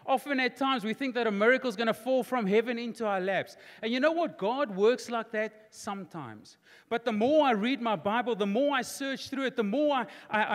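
A man preaches from the pulpit in a high, ringing voice. He repeats his key phrases and pushes harder and louder as his points build. His voice carries a long tail of reverb through a large church hall. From South Africa. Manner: emphatic, repetitive, builds to near-shouting. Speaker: pastor. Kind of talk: preached sermon.

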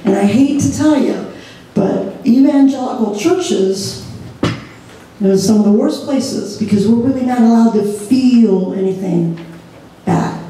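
A woman leading a church training session, lively and laughing as she acts out examples. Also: fairly high pitch, unhurried. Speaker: ministry group leader trainer. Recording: echoey room, mic far off.

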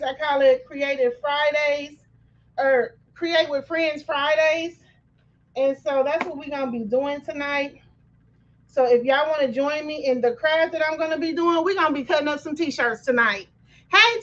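A woman's voice: high voice, a bit bright. A woman hosting a craft livestream from her home office, chatting casually, greeting viewers by name and apologizing for running late. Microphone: computer mic on livestream. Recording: dull lo-fi stream audio.

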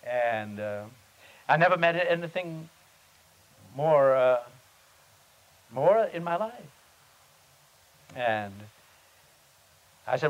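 A man, a pastor, teaching on prayer at a seminar and telling a story in an earnest, halting, unhurried way. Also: fairly high pitch, sing-song, highs cut off. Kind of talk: sermon-style teaching with storytelling. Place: seminar meeting.

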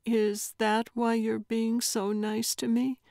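A woman narrator voicing a frightened, tearful young woman in her late twenties, in a higher, softer, shaky voice. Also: level tone, slow, creaky, no room sound.

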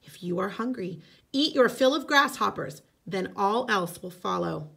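A woman voicing a wise, commanding male spirit in a storybook read-aloud, calm and instructing. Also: medium pitch, unhurried, creaky.

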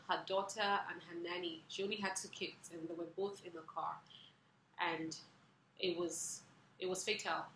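Middle-aged woman vlogging, emotional and earnest, bright forceful voice, echoey room with a bit of hiss. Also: fairly low pitch. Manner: emotional, earnest, lets feeling show. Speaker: vlog host. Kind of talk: personal storytelling to camera.

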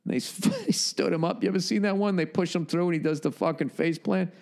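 A man's voice: high-pitched, quick pace, darkish tone. A man hosting a podcast, delivering a rambling, profane comedic monologue. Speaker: podcast host.

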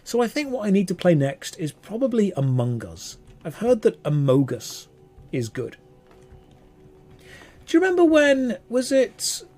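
A man's voice: on the high side, dark tone. Sarcastic British man streaming a game. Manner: sarcastic, rambling banter. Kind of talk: casual gaming stream chatter.

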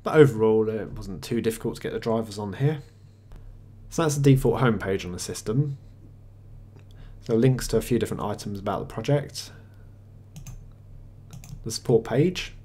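The speaker is a male tech reviewer narrating a screencast software review into his desktop mic. His lowish voice carries a breathy edge, and his plain, conversational delivery includes occasional small hesitations.

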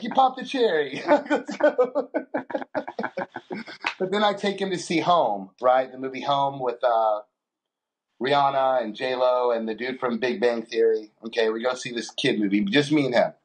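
A man with a husky, mid-pitched voice co-hosts a podcast and spins crude, rambling stories in loose casual chat. He swears constantly and breaks into laughter as he talks. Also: moderate pace. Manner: crude, joking storyteller who swears a lot and laughs often. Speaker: podcast co-host.

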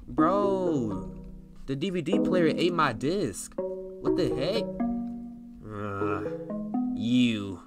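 A young man narrates his own gameplay in a loose, slangy way, his voice sitting in a middle register but swinging widely up and down as he reacts. He breaks into sudden loud outbursts between calmer muttering. Heavy game music with plucked guitar plays loudly behind him. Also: medium pitch, slow pace, pauses often. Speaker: gaming streamer. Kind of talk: live game commentary.

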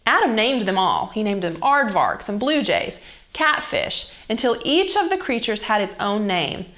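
A young woman reading a Bible story to children as a children's church teacher, in a gentle and expressive storytelling manner. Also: medium pitch, moderate pace.

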